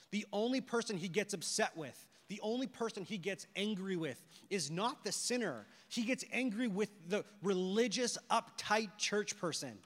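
A man preaching a sermon with animated storytelling and rhetorical questions. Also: high-pitched, long reverb tail. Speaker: pastor.

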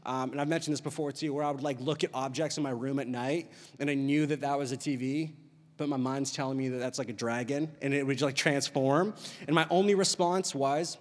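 A male pastor giving a casual sermon in an animated, storytelling way, filling his talk with "like". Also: medium pitch, brisk. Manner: animated storyteller, heavy use of "like". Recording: long hall reverb.

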